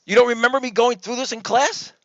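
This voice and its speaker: High-voiced, joking lecturer man. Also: steady tone, fast, dry recording. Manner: joking, coaxing, calls students by name; loud, projects voice to the room. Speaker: engineering professor. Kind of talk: lecture review session. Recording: dull lo-fi, dry sound.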